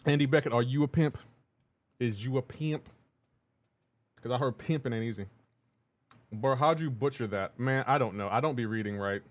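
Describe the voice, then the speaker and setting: A male streamer talking casually to his live chat in a relaxed, mid-pitched voice. He greets viewers by name with bursts of enthusiasm and laughs easily. Faint keyboard typing is heard in the background. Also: brisk.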